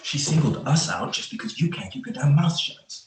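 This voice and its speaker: A man's voice: on the low side, very animated, fairly quick. A man reading the part of a sarcastic, combative young police officer in a play reading over a video call. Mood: bickering. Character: young male cop, sarcastic and proud. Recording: roomy echo on the voice.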